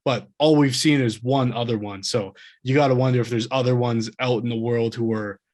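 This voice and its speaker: A man's voice: mid-range voice, steady tone, brisk, a little mellow. A man co-hosting a podcast, talking about a book in a casual, rambling and enthusiastic way, often laughing. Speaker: podcast co-host.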